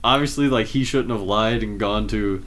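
A man casually retelling film scenes in a relaxed chat, with many fillers. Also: fairly low pitch, normal speed.

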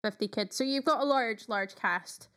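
A woman co-hosting a relaxed podcast chat, her voice sitting fairly high. She talks eagerly and at length, with plenty of fillers and asides. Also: normal speed. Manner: chatty, enthusiastic, frequent fillers. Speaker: podcast co-host. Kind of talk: casual chat.

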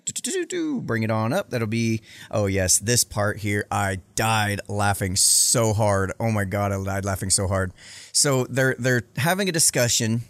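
A man's voice: lowish voice, a little slow, dry recording. A man hosting a livestream, reacting bluntly and with profanity to debate clips in casual commentary. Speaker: livestream host.

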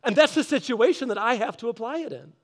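A man giving a casual devotional talk, telling a story in a lively way and acting out both sides of an argument. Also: very high voice, quick pace. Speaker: Christian speaker. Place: garage office.

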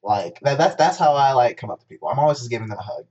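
A man's voice: mid-range voice, expressive, very fast, a little mellow, highs cut off. A man co-hosting a podcast, chatting casually and telling rambling stories with lots of restarts. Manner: rambling storyteller with many restarts. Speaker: podcast co-host. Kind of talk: casual chat.

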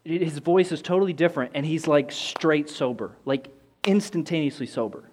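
At a moderate pace, a young man whose voice is a little high shares a story from his life with frank, rambling sincerity. He keeps restarting and filling pauses, and his energy rises in the quoted bits.

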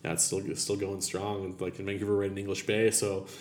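Casting: man, chef in an interview, quick rambling delivery, echoey room. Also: low voice, level tone, darkish tone, slight background noise. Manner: rambling, lots of "like" and "uh" fillers. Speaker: chef and restaurateur. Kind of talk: casual interview answers.

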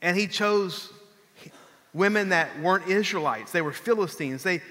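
High, bright-voiced pastor preaching in a hall. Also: male voice, normal speed. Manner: conversational storytelling, animated, acts out quotes. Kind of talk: sermon. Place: church. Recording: long reverb of a large hall.

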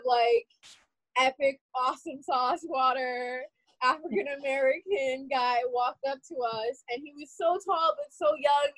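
A woman telling a painful personal story in an interview, animated and full of "like" fillers. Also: sits high, no room sound, rough recording. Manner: animated, heavy use of "like" fillers.

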